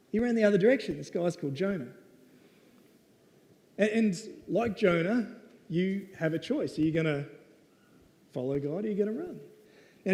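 Aussie guy preaching casual, kinda high mellow voice, keeps saying right. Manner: conversational and playful, with lots of "right?". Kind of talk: casual storytelling sermon. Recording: long reverb of a hall.

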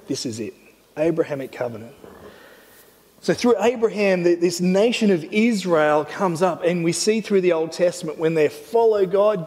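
Male pastor, slightly high, mellow voice, earnest sermon delivery, hall reverb. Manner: earnest, animated, often voices God in quotes. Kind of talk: sermon teaching.

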